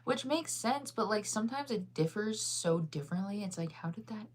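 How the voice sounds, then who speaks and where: With a medium-pitched voice, lively intonation, and a moderate pace, an American streamer in her thirties responds to viewer chat. She has a faint Midwestern accent and chats casually and ramblingly, with frequent fillers and laughter.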